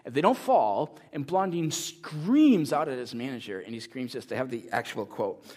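A male pastor delivering a sermon from the pulpit. His voice sits in the middle of the male range. He tells a story with animated, playful emphasis and then shifts to a soft, earnest appeal. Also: medium pitch, moderate pace.

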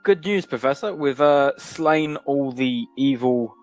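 A man's voice: medium pitch, a little slow, soft background music. A man playing a tabletop game, playful and stumbling over his words. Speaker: player. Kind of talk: casual tabletop play.

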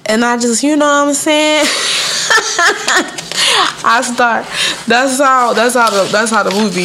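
A woman hosting her own podcast, telling a story in a loose, slangy way, laughing often and jumping up high whenever she quotes someone. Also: a bit bright, slight background noise. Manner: loose slangy speech with frequent fillers. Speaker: podcast host. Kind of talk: casual solo podcast monologue.

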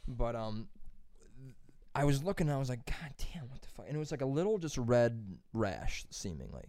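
A man's voice: mid-range voice, normal speed, no room sound. A young man telling a long, rambling story in casual podcast chat, swearing often and acting out what people said. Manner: rambling, profane, animated when quoting.

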